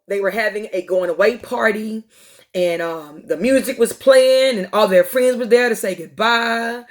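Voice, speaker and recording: Woman podcast host rambling thru a tv story, lots of um and uh, medium voice. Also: medium pitch. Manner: conversational, many ums and uhs, retelling a TV episode. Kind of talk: casual storytelling monologue.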